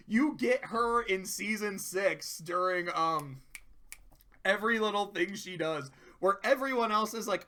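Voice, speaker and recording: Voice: medium pitch, a little slow, sharp tone. A cartoon episode reviewer in casual video commentary, rambling with profanity and laughing asides.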